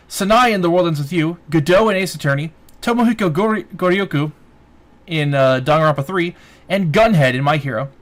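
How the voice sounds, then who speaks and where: A man co-hosting a casual anime podcast, reading off voice-actor credits and swearing freely. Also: high voice. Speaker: podcast co-host.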